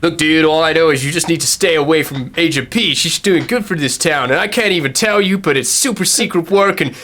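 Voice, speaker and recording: A man's voice: on the high side, a little fast, bright, forceful tone, voice pushed up. A man voicing a laid-back young dude who talks in easy slang. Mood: reassuring. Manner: chill, slangy.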